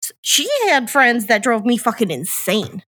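Bright, lively young woman chatting. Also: fairly high pitch, moderate pace. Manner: blunt, profane storytelling. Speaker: podcast co-host. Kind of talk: casual chat.

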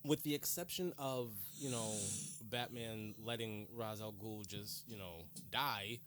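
A man's voice: on the low side, unhurried, background noise. A man co-hosting a casual film review podcast, hesitant, often repeating words as he works out his points. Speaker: podcast co-host.

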